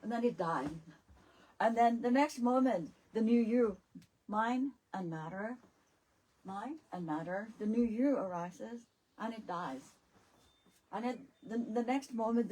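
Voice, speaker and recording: A woman's voice: medium pitch, darkish tone, slightly rough, low-quality recording. A woman, a Buddhist nun, giving a dharma talk at a retreat, laughing often and repeating phrases, with slightly non-native English grammar. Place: retreat center teaching hall.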